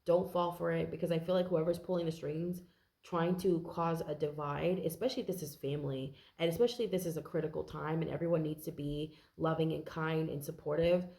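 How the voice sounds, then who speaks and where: A woman's voice: sits low, fairly even intonation, a little fast, gravelly, warm tone, echoey room. A woman giving a casual, earnest tarot reading to camera, chatty and full of fillers, now and then swearing. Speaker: tarot reader.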